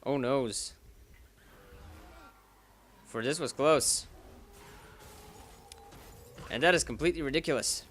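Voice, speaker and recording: A man's voice: medium pitch, takes it slowly, pauses often, fairly bright tone, slight background noise. A man giving let's-play commentary over a racing game, rambling and joking at his own expense. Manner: rambling, self-mocking, jokey.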